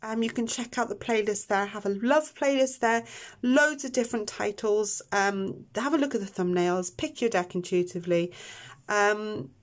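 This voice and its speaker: A woman giving a chatty, emotional tarot reading, soft-spoken with many ums, tearing up at times. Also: medium pitch, moderate pace. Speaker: tarot reader. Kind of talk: pick-a-card tarot reading.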